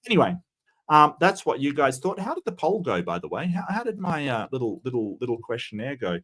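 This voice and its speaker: A man's voice: mid-range voice, big pitch swings, normal speed, a bit bright. A man chatting casually on a livestream, reading and answering chat, rambling with many restarts and fillers while giving strong opinions.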